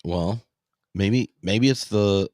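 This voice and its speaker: A man hosting a podcast in casual chat, telling animated anecdotes. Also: on the low side, slow, no echo, clean studio sound. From US South. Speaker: podcast host.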